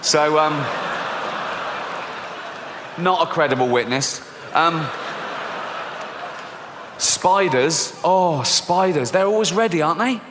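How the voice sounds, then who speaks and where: A man in his fifties with an English accent, performing a stand-up set in a dry, deadpan and crude manner. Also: on the high side, slow pace, long pauses, background noise. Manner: deadpan, dark and crude, acts out characters. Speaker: stand-up comedian. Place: theatre stage. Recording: reverberant hall, faint ambience.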